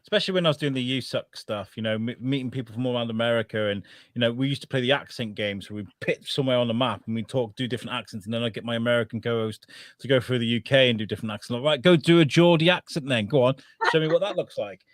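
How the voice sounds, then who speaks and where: A man's voice: medium pitch, racing, no echo. Jokey man from Portsmouth, dry sound. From Portsmouth, England. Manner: jokey and animated. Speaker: podcast host. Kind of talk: casual podcast chat.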